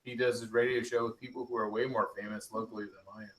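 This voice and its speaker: A man chatting excitedly in a garage and swearing freely. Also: medium pitch, fast talker, rough recording. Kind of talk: casual chat. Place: home garage.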